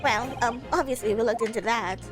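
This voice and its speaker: A woman's voice: a little high, brisk, close to an everyday voice. A woman voicing a hesitant male police inspector who stammers nervously, over game music. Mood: flustered.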